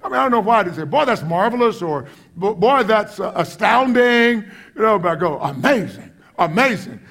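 A middle-aged man preaching a sermon with passion, dropping to quiet asides and then rising to loud exclamations. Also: sits high, lively intonation, brisk, vocal fry. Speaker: pastor.

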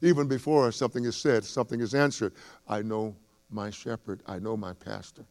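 A man's voice: lowish voice, fairly even intonation, a little fast, darkish tone. A man preaching as pastor, repeating phrases and building to fervent, raised emphasis. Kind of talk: sermon. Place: church sanctuary.

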